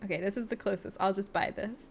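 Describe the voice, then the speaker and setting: A woman's voice: medium pitch, fairly even intonation, fast, gravelly, darkish tone, a little hiss or hum. A woman giving live gameplay commentary as a streamer, joking with her viewers in a playful, laughing way. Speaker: game streamer.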